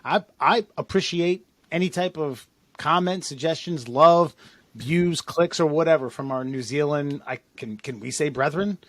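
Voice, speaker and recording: A man's voice: a little high, measured pace, no echo. A man co-hosting a podcast, casually reading out listener comments with loose, jokey asides and frequent laughs. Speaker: podcast co-host.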